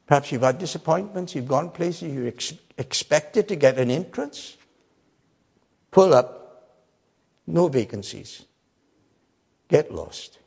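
A male preacher delivering a sermon at an unhurried, deliberate pace, his voice sitting fairly high for a man. He hammers key words loudly, then drops to hushed asides. The sound carries a long hall reverb. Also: animated, vocal fry, breathy edge. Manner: emphatic, swings between loud declarations and quiet asides.

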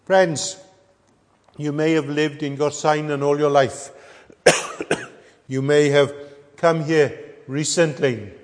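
Man, middle-aged, preacher, earnest sermon, unhurried delivery, frequent pauses, slightly high voice, echoey hall. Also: fairly even intonation. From Wales. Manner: measured, earnest, pausing with frequent ums. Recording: echoey hall with long reverb.

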